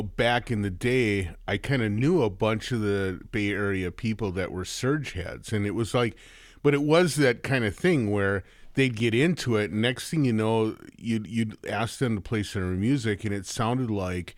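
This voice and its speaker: A man hosts a conversation with an easygoing, joking manner. His voice sits on the low side and is recorded close and dry, with no room sound. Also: normal speed, dry recording. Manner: relaxed, joking asides. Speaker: podcast host. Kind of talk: conversational interview.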